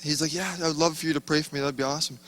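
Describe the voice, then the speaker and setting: A man's voice: on the high side, steady tone, rapid-fire, a bit bright, a little hiss or hum. A man sharing a casual testimony in a rambling, self-interrupting way, often breaking off mid-sentence. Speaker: conference attendee sharing a testimony.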